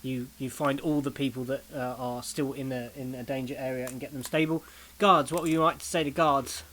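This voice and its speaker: A man running a tabletop game, narrating in a laughing, halting way with many restarts. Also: mid-range voice, steady tone, a bit bright, a little hiss or hum. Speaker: game master.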